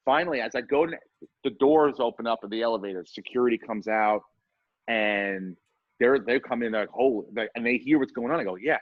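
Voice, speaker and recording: A man co-hosting a podcast, telling a story in casual chat, animated and swearing, acting out the voices of the people in it. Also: medium pitch, fairly quick, no room sound. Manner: animated, swearing, acts out voices in his stories. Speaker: podcast co-host. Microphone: remote call mic. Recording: dull lo-fi internet call audio.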